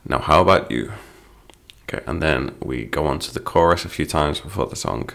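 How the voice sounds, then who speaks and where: A man's voice: a bass voice, normal speed, creaky, a bit bright. A middle-aged man teaching English phrases through song lyrics, patient and explanatory.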